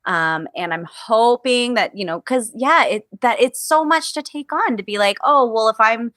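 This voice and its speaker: A musical theater actress, appearing as an interview guest, talks earnestly and reflectively in a candid casual conversation, circling back and restarting as she thinks aloud. Her slightly high voice is bright and forward at normal speed, recorded close and dry with no echo and almost no room sound.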